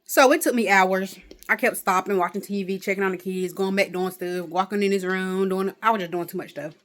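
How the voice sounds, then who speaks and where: A woman's voice: medium pitch, fairly even intonation, brisk. A woman talking casually to a phone camera at home in a rambling day-in-the-life vlog, with exasperated asides. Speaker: vlogger.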